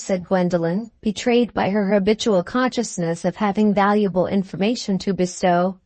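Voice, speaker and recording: An audiobook narrator reads a classic novel aloud in a measured, even storytelling style. Her voice is mid-range, and there's no echo.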